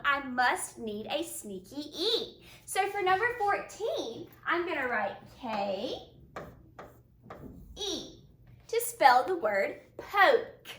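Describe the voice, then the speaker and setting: A woman teacher giving a slow, upbeat phonics lesson to young children, praising them often. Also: high-pitched, bright, forceful tone, echoey room. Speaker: first-grade teacher.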